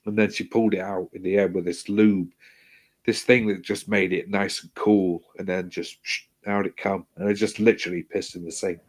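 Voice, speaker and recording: A man's voice: low-pitched, little pitch movement, moderate pace. A man telling a hospital story in casual chat, swearing freely, repeating himself and acting out what people said.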